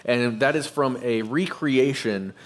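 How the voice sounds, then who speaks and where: A man's voice: mid-range voice, a little slow. A man co-hosting a podcast, chatting playfully in front of a live audience. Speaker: podcast co-host. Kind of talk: casual chat before a live audience. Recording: roomy live venue.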